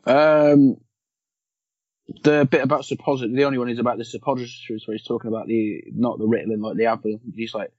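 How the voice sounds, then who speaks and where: A man's voice: medium pitch, fairly even intonation, fast, a little mellow, dry recording. A man chatting casually about a film, laughing often and swearing freely. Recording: dull lo-fi sound.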